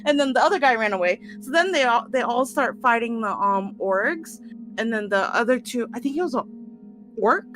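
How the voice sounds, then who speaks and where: A woman casually recapping the last tabletop session, animated, laughing and swearing often. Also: fairly high pitch, moderate pace, faint music behind.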